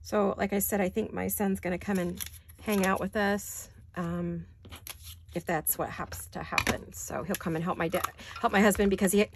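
A woman's voice: medium pitch, fairly even intonation, normal speed, noisy background. An older woman chatting casually while doing paper crafts at her desk, rambling with apologetic asides. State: hiccups.

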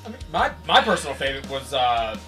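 A man's voice: mid-range voice, sing-song, fast, pushed and bright, far from the mic. A man in a band telling loose, rambling, profane stories in a casual interview. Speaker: band member. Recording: music behind, voice from off mic.

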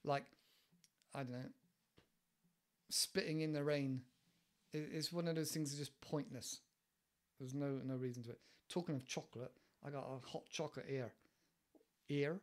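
A man's voice: medium pitch, steady tone, moderate pace, pauses often. Chatty English man explaining idioms. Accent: English, West Country. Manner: chatty and digressive, laughs often, acts out examples. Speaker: English teacher and podcast host. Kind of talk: casual podcast lesson explaining idioms.

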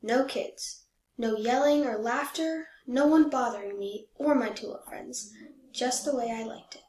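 A woman reading a children's picture book aloud in a gentle, measured storytelling voice. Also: a little high. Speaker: storybook reader. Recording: echoey room.

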